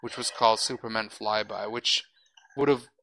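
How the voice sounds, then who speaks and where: A man's voice: lowish voice, fairly even intonation, moderate pace, pushed and bright, rough recording. A man hosting a podcast, chatting casually with strong opinions and a lot of restarts, and swearing now and then. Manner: rambling, opinionated, frequent restarts. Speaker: podcast host. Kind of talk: casual chat.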